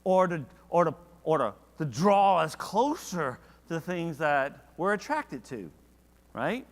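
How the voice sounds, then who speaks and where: A man's voice: fairly high pitch, takes it slowly, long reverb tail. Conversational man teaching a Bible class. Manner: conversational, asks the class questions, animated when reading verses. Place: church classroom.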